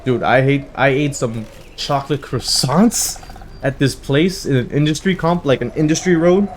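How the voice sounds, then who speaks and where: Casting: young male gaming host, mid-pitched, rambling animated storyteller, faint hiss behind. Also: moderate pace. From United States. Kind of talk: casual let's-play chat with war stories.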